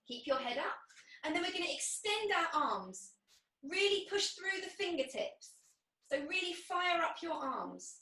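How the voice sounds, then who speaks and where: A pilates instructor with a high, bright voice leads a guided class through the moves, cueing every breath encouragingly. She's far from the microphone in an echoing room.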